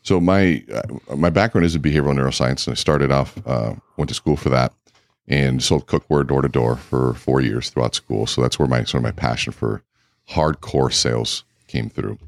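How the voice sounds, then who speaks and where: A man guest in a casual interview, telling lively anecdotes full of quoted dialogue. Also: a bass voice, moderate pace, creaky, no room sound, studio quality. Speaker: keynote speaker and guest.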